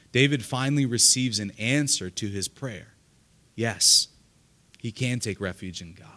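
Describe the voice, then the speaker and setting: This male pastor has a mid-range voice that sounds pushed and bright. Preaching with earnest conviction to a live church congregation, he tends to repeat words at the start of his sentences during the sermon.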